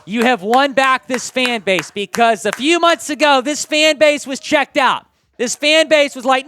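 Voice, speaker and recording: A man from Houston hosting a sports news show, commenting in an excitable, gushing way. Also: very high-pitched. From Houston, Texas. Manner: excitable, gushing, swings between quick and drawn-out delivery.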